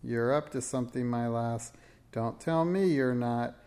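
A man reading aloud, voicing a cranky, bossy old witch who scolds slowly and sharply in a storybook. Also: mid-range voice, a little mellow, clean tone, lightly acted. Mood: scolding.

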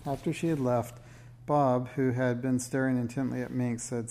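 A man reading a children's storybook aloud, measured and expressive. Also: mid-range voice. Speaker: narrator.

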